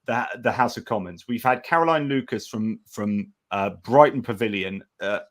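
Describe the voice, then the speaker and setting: A man's voice: on the low side, moderate pace. A man hosting a casual election-night live stream, talking in a rambling way with many restarts and reading out viewer comments.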